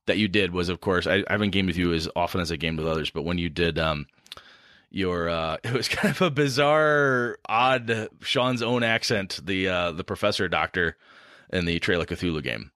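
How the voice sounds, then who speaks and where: A deep-voiced man with a Midwestern American accent hosts a casual podcast chat about running tabletop games. He speaks at normal speed with a fairly bright tone. He rambles, restarts his sentences, and laughs often, and as both host and game master he is captured in a dry, studio-quality recording.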